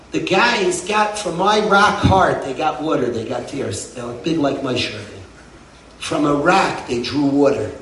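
A high-pitched man preaches with passion, dropping low and rising loud by turns. He stands away from the microphone in an echoey room with a faint hum of ambience behind him. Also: recorded from a distance. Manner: impassioned, swinging between soft and loud. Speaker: rabbi, head of a yeshiva. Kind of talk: sermon.

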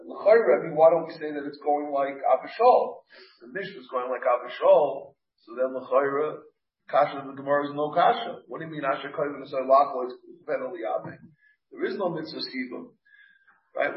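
A male rabbi teaching a Talmud class, explaining in halting phrases with many restarts and Hebrew terms. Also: a little high. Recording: roomy, distant, muffled class recording.

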